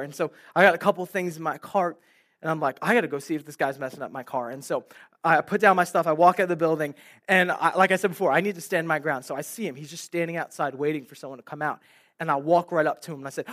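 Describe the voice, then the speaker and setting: Young male preacher, bright and forceful, acts out the lines in his stories. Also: on the high side, fairly quick. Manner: animated storytelling, acting out dialogue. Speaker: pastor. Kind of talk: sermon with storytelling. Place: room with live audience.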